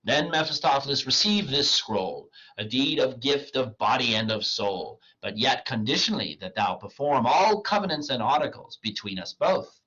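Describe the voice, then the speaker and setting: Male reader doing a proud doomed scholar, husky and bright, voice cracking, lo-fi recording. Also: mid-range voice, expressive, normal speed, few pauses, pitched above the performer's own voice. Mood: declaiming. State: voice cracking, strained. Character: proud scholar selling his soul, male. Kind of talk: dramatic reading of a play.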